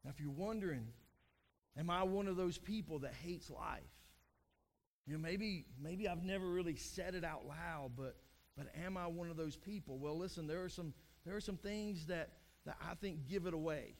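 A man's voice: fairly high pitch, fairly quick. A man, a pastor in his thirties with young kids, preaching a conversational sermon, repeating phrases and acting out weary, frustrated speakers.

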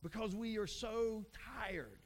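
A man's voice: high-pitched, lively intonation, takes it slowly. A man, a pastor in his thirties with young kids, preaching a conversational sermon, repeating phrases and acting out weary, frustrated speakers.

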